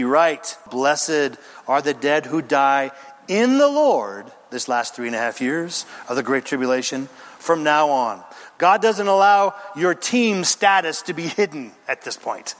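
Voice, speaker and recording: A man preaching a sermon as a pastor, emphatic and dramatic, building long lists and pausing for effect. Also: fairly high pitch, fairly bright tone. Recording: long hall reverb.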